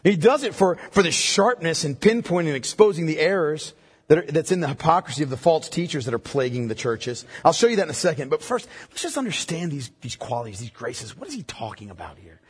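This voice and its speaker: A man's voice: a little high, big pitch swings, fairly quick, slightly rough, in a large hall. A male pastor preaching a sermon, emphatic and checking in with the congregation through repeated questions.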